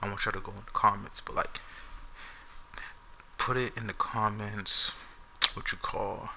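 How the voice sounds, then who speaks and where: A man's voice: fairly low pitch, flat delivery, a little slow, creaky, bright, forceful tone, a little hiss or hum, poor audio. A young man and YouTuber telling an unscripted story to his viewers in a loose, slangy, rambling way. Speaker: gaming YouTuber.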